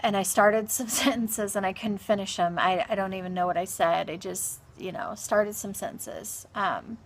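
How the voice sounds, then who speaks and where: A grieving woman recounting a personal experience in a halting, soft-spoken monologue full of pauses and restarts. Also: medium pitch, steady tone. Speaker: vlogger.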